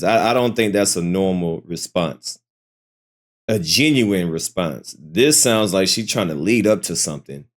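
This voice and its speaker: A man hosting a reaction video, giving casual skeptical commentary and repeating his doubts. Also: on the low side. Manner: skeptical, repeats himself, animated. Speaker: reaction channel host.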